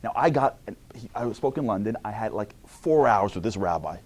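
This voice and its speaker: Animated New man giving a talk. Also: on the low side, normal speed. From New York. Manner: animated, swings between loud outbursts and hushed near-whispers. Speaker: motivational speaker. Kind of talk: comic inspirational talk.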